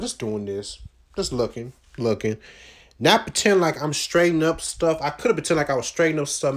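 A man telling a loose, profane story about his jobs, full of slang and fillers, recorded without a proper microphone. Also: fairly high pitch. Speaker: vlogger recounting his job search. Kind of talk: casual rambling storytelling.

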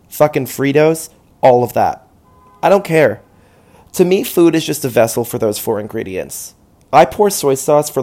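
A man's voice: mid-range voice, a little mellow. A man hosting a podcast alone, rambling through a comedic monologue, sarcastic and self-deprecating, swearing freely. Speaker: podcast host.

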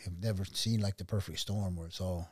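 A middle-aged man, a restaurant owner who tells his story in an animated way and acts out the voices of other people. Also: low-pitched, brisk, slightly rough, no echo, studio quality. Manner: animated, acts out quoted dialogue. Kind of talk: conversational storytelling.

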